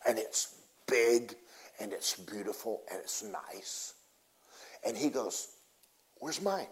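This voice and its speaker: A man preaching a sermon in a casual, folksy way, telling a story and swinging between loud bursts and hushed asides. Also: on the low side, takes it slowly.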